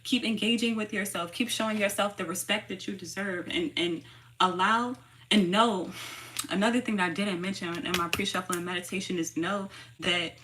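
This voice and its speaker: A woman reads tarot in a loose, slangy way, hammering her points home through repetition. Her voice is bright and forward, at a middle pitch, with a faint hiss of noise underneath. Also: fairly even intonation, moderate pace. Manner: slangy, emphatic, repeats phrases for stress. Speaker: tarot reader. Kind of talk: casual spoken tarot reading.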